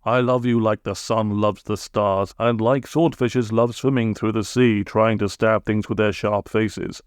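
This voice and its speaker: A man's voice: fairly low pitch, fairly even intonation, a little slow, smooth, no room sound, clean studio sound. A man voicing a polite, eccentric young man who talks in grand, dotty phrases. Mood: dramatic. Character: cheerful eccentric young man, odd and chatty.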